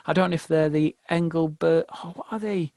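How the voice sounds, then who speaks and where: A male comedian guest on a podcast, telling rambling anecdotes with laughs and quick impressions. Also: fairly high pitch, fairly even intonation, vocal fry, a little mellow, no echo. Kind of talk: casual podcast chat, comic storytelling.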